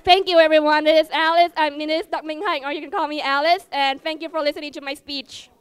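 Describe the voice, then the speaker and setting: A teenage girl with a Vietnamese accent giving a heartfelt, halting speech at a school event, often repeating herself as she searches for words. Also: high-pitched, steady tone, dry recording. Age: teens. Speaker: student speaker. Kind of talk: emotional personal speech.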